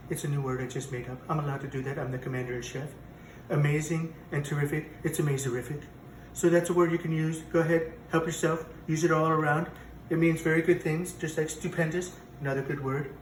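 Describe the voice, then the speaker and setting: This slightly high, natural-sounding male voice belongs to a man playing a president hosting a cooking show in a comic parody. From a home kitchen, he brags, rambles and contradicts himself. A little hiss or hum is present, and the distant mic picks up plenty of echo.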